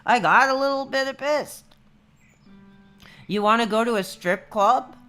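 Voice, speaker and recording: Man, 30s, livestream host; casual rambler, bright edgy tone. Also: very high voice, a little slow, faint music behind. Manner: rambling, laid-back, says dude a lot. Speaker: streamer.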